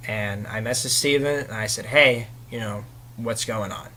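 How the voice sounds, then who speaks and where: A man's voice: on the low side, normal speed, pushed and bright, slight background noise. A young man, a guest in a casual chat, telling a long story with lots of "you know" fillers.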